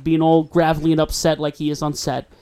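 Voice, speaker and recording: Man, podcast co-host, laid-back, easygoing recap, a bit high-pitched. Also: completely flat delivery, fairly quick, mellow, clean tone. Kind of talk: casual movie-review chat.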